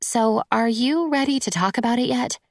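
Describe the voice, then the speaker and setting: A woman narrator voicing a caring young female friend in an audiobook, speaking softly and reassuringly. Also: fairly high pitch, moderate pace, dry recording, studio quality, voice pushed up, close to an everyday voice. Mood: coaxing. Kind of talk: audiobook character voice.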